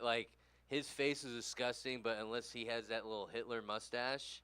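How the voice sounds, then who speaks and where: A man's voice: on the low side, sharp tone, smooth. A tired, tipsy man from California doing a rambling, crude, self-deprecating stand-up set. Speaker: stand-up comedian.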